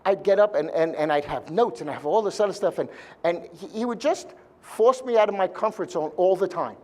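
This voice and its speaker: A man's voice: high-pitched, expressive, brisk, darkish tone. A man speaking live to a seminar audience, blunt and joking, with mild swearing.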